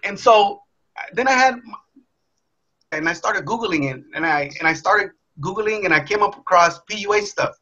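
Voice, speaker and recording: A young man telling a candid personal story in a blunt, profane, animated way. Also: high-pitched, moderate pace. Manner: profane, blunt, animated, acts out his past self. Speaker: motivational speaker. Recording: dull lo-fi sound.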